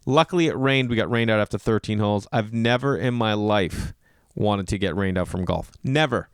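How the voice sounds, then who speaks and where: A man's voice: fairly low pitch, normal speed, smooth, dry recording, studio quality. A man who does stand-up, telling funny stories in a casual podcast monologue. He says "like" a lot and acts out other people's lines. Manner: animated, leans on "like", acts out other people's lines in raised voices. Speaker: stand-up comedian and podcast host. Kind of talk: casual comedic storytelling monologue.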